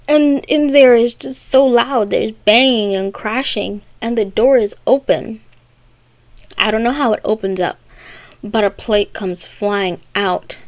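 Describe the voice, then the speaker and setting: A woman casually retelling a classic story in a chatty, rambling way, popping into quick character voices. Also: mid-range voice, dry recording.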